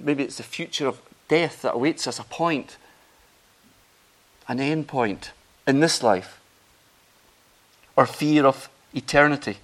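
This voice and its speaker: A man preaching a sermon, earnest and emphatic, rising in pitch and volume on key phrases. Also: slow pace, pauses often, a bit bright.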